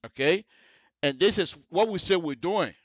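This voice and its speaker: A man's voice: sits high, lively intonation, moderate pace, no echo. Man explaining road design step by step. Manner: explanatory, repeats checks like "you see the difference?". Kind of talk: on-air technical tutorial. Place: radio studio.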